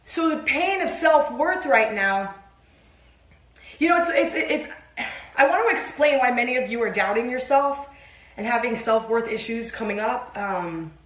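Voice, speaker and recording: Animated high-voiced woman preaching. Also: unhurried, roomy sound. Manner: animated, emphatic, swears and acts out exclamations. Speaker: co-host of a spiritual sermon. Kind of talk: livestreamed spiritual sermon, casual and emphatic.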